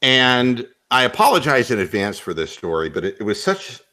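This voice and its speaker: Animated, laughing male radio host. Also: medium pitch, normal speed. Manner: animated storyteller, laughs often. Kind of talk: comic radio chat.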